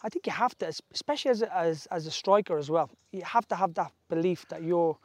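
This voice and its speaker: A man's voice: a little high, quick pace, a little mellow, no room sound. A man from Ireland in his forties, a former footballer telling stories in casual chat, full of restarts and asides. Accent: Irish. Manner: rambling storytelling with restarts.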